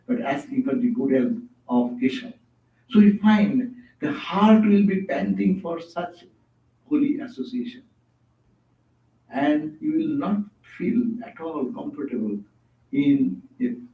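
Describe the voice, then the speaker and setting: A man giving a devotional sermon as a monk, telling stories and often stopping to search for words, with rhetorical asides. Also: fairly high pitch. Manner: storytelling, asks rhetorical "No?" and "Huh?"; halting, restarts and searches for words. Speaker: monk giving a spiritual talk. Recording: echoey, distant, dull hall recording.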